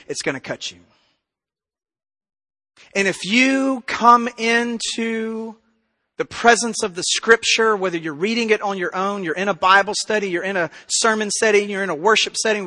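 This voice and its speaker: A pastor preaching a sermon with passion, moving between loud emphasis and quiet intensity. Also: male voice, sits high, normal speed. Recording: reverberant hall.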